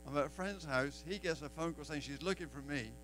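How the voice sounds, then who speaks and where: A man's voice: fairly high pitch, fairly quick, a bit bright, faint music behind, poor audio. A man from England with an English accent giving a personal testimony at a church open mic, acting out the dialogue in his story. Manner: storyteller who acts out quoted dialogue.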